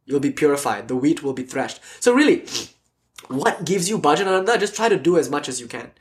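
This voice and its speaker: A man speaks in a fairly high voice, teaching a spiritual lecture. He tells stories with energy and at times sinks to a hushed, soft delivery. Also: a little fast. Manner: animated, storytelling, drops to soft near-whispers.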